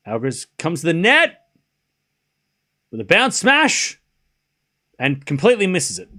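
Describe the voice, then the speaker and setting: A man's voice: a little high, a bit bright. A man commentating a tennis match live on stream, chatty and incredulous, laughing often and talking to his chat.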